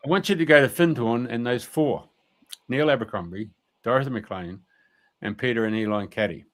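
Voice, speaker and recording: Male radio storyteller, rambling and colloquial, mid-pitched voice. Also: normal speed, fairly bright tone. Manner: colloquial, rambling, many fillers. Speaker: radio show speaker. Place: radio studio.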